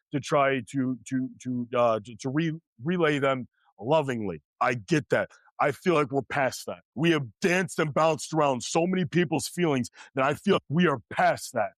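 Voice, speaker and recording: A man's voice: on the high side, dry recording. Blunt, preachy male podcast host. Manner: preachy, emphatic, repeats phrases. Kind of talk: blunt motivational monologue.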